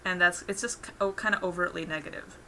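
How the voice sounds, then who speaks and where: A woman's voice: lowish voice, steady tone, fast talker, pushed and bright, a little hiss or hum. A young woman chatting casually on an art stream, rambling with lots of fillers. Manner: rambling, lots of "like" fillers, laughs through stories. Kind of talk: casual chat while drawing on stream.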